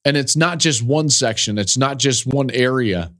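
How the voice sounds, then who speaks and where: A man's voice: medium pitch, normal speed, few pauses, a bit bright. A middle-aged man hosting a football podcast, telling an emotional story in an earnest way that builds in intensity. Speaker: college football analyst and podcast host.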